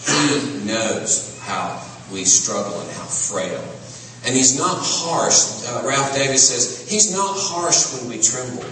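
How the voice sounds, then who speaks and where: A man's voice: mid-range voice, expressive, slow, sharp tone, a little hiss or hum. Man preaching in an echoey hall. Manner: conversational, with bursts of playful mimicry. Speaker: pastor. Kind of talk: sermon. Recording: echoey hall, mic at a distance.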